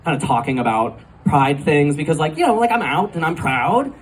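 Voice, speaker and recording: A man's voice: a little high, big pitch swings, normal speed, husky. A man doing a stand-up comedy set in a live club, talking in a chatty way full of fillers and laughing at his own jokes. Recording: live club recording from a distance, crowd noise. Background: audience laughter and club ambience.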